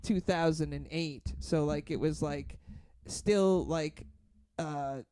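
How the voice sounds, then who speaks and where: A man's voice: a little high, slow, dark tone, smooth, no echo. A man hosting a podcast, telling a long rambling story in casual chat, heavy on fillers and swearing, acting out what others said. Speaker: podcast host.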